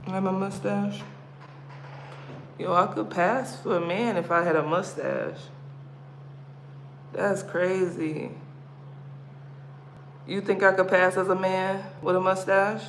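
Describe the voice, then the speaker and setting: A woman's voice: mid-range voice, steady tone, takes it slowly, long pauses. A woman from the States hosting a casual livestream, chatty and playful, laughing as she talks. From United States. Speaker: livestream host. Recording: roomy echo, background noise.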